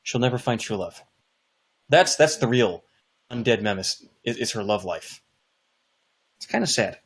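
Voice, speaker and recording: A man's voice: on the low side, expressive, a little slow, breathy edge. A man in casual chat, cracking crude, sarcastic jokes.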